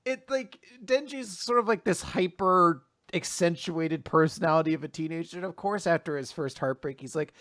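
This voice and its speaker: A man co-hosting a casual talk show, excitable, laughing a lot and filling his speech with "like". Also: on the high side, normal speed, hardly any pauses, no room sound, clean studio sound. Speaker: podcast co-host. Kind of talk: casual chat.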